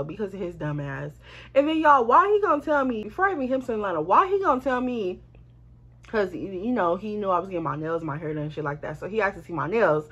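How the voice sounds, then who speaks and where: A woman tells a story straight to her viewers, animated and quick to swear. She keeps it slangy and casual, calling out to her audience as she goes. The recording sounds slightly dull and lo-fi. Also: mid-range voice, husky. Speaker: storytime vlogger.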